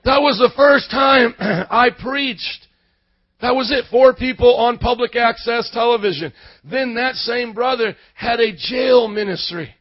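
A man preaching, telling his story in a sermon, from quiet storytelling up to shouted passion. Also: high-pitched, dry recording, highs cut off. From Indiana suburb. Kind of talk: sermon testimony.

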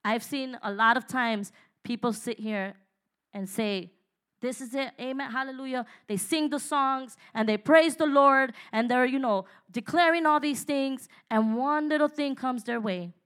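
A woman's voice: sits high, a little slow, fairly bright tone. A woman preaching a sermon in an emphatic, exhorting way, with laughs and asides to the congregation.

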